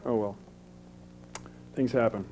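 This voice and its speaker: A man in his thirties doing goofy stand-up comedy on a public access TV show, deadpan jokes with sudden silly voices. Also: medium pitch, takes it slowly. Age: 30s. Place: small TV studio with live audience.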